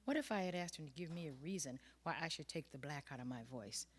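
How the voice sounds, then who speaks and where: Low-voiced woman reading her essay. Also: animated, fast talker, slightly rough. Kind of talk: reading a personal essay aloud.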